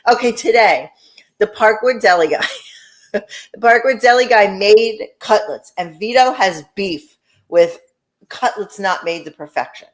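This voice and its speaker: A woman's voice: mid-range voice, lively intonation, measured pace. A woman co-hosting a casual podcast chat. She laughs often, swears freely and mimics other people mid-story. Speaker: podcast co-host.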